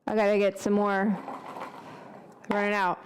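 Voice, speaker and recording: A woman's voice: medium pitch, completely flat delivery, measured pace, slight background noise. Chatty rambling woman cooking host. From United States. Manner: rambling, self-interrupting, thinks aloud. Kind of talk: casual chatty cooking vlog.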